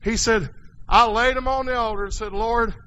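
A man preaching a folksy sermon in a church, dropping quiet and then rising to hollering. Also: very high-pitched, steady tone, moderate pace, poor audio.

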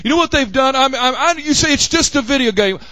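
A man with a Southern accent preaching a fiery sermon as pastor of his church, often shouting. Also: extremely high pitch, expressive, quick pace, dry recording. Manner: impassioned preaching, frequent shouting. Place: church sanctuary.

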